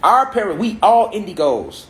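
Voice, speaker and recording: A man's voice: high voice, very animated, moderate pace, reverberant. A man in his thirties with an African American Vernacular English accent, lecturing a gathered audience on spirituality and driving his points home with rhetorical questions and repetition. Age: 30s. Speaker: speaker addressing a gathered audience. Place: large room with an audience.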